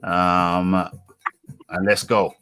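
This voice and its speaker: A man's voice: low-pitched, flat delivery, fairly bright tone, faint music behind. A man hosting a live boxing talk show, chatty and teasing. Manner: chatty, teasing, quick asides. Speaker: host.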